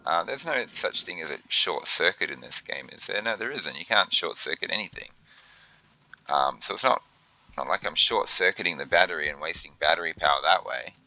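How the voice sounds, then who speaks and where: A man's voice: low-pitched, expressive, fairly quick, creaky, pushed and bright, dry recording, poor audio. A young man thinking aloud while he plays a game, often flustered, with many fillers and restarts. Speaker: gaming video host. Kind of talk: let's play commentary.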